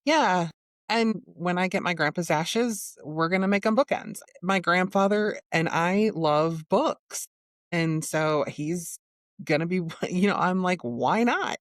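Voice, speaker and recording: A woman hosting a podcast, talking in a relaxed, reflective casual way. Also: fairly low pitch, unhurried, no room sound, studio quality. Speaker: podcast host.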